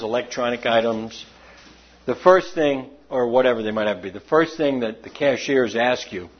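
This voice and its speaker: A man preaching a conversational sermon, animated and jumping up in pitch for emphasis. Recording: dull lo-fi recording.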